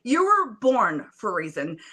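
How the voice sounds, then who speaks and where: A woman's voice: a little high, big pitch swings, a little slow, sharp tone. A young woman on a phone video call, speaking as a podcast guest in an earnest, emphatic, preacher-like way. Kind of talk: motivational interview talk.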